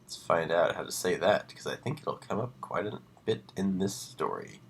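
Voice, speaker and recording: A man reading horror stories aloud on a live stream, breaking off for casual asides and dropping to a hushed voice on the ominous lines. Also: deep voice, expressive, moderate pace, creaky, slight background noise.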